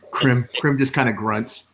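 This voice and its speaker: A man narrating as game master for a tabletop game, slow and halting with many fillers. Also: medium pitch, fairly even intonation, a bit bright, a little hiss or hum.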